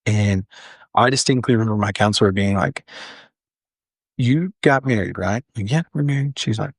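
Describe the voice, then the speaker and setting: A man's voice: lowish voice, normal speed, vocal fry, pauses often, dry recording, clean studio sound. A young man telling a personal story as a firefighter guest on a podcast, earnest and full of "like" fillers. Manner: earnest, frequent "like" fillers and restarts. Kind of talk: candid storytelling in a podcast interview.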